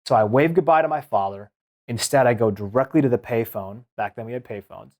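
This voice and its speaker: A man's voice: medium pitch, fairly quick. A man in his thirties from Seattle, telling stories from his life as a guest in an interview, acting out the quotes. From Seattle, United States. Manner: animated storytelling, acts out quotes. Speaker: guest, former Olympic speed skater. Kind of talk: storytelling in a podcast interview.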